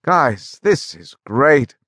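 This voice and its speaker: A man's voice: fairly high pitch, animated, drawn-out words, fairly bright tone, breathy edge, no echo, voice pushed up, exaggerated voice. A man voicing Kufalt, an earnest ex-convict organizer who speaks solemnly and with emphasis, in a dry audiobook reading.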